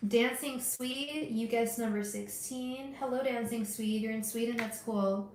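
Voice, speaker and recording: A woman hosting a live tarot reading, talking gently and directly to her viewers with frequent restarts. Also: on the high side, a little slow, echoey room, slight background noise, poor audio. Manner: gentle, soothing, talks straight to viewers; emotional, hesitant restarts. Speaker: tarot reader livestream host. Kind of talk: casual livestream reading.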